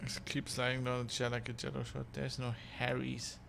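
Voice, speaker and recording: A man's voice: medium pitch, monotone, moderate pace, vocal fry, noisy background. A man streaming a video game, joking casually and reading dialogue choices aloud. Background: faint game music.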